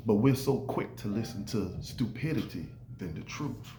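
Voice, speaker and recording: Animated man in an echoey room. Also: fairly low pitch, moderate pace, a little hiss or hum. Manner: animated, acts out quoted voices. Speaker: podcast host. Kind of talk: casual podcast monologue. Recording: echoey room with faint ambience.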